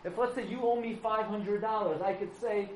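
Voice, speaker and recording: Animated male preacher telling a story. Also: sits high, normal speed. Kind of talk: storytelling sermon. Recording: echoey room with faint background noise.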